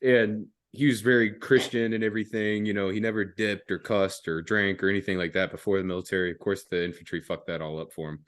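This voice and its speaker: A man's voice: lowish voice, steady tone, fast talker, few pauses, fairly bright tone. A young man hosting a podcast, telling a story casually with lots of swearing and slang. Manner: laid-back, profane, laughs often, fillers like "dude" and "man". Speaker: podcast host.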